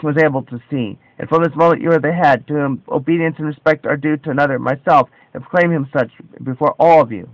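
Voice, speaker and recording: A man reading scripture aloud with commentary, slow and solemn, stressing quoted dialogue. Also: a little high, no echo, muffled recording.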